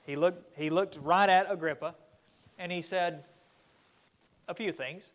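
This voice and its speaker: A man teaching a Bible study at church, with a voice that sits somewhat high. He talks casually and breaks off to restart his sentences. When he quotes people, he acts them out with more lift. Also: unhurried, a bit bright. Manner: conversational, with frequent restarts and fillers; acts out quoted speakers in a livelier voice. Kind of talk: Bible class lesson. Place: church classroom.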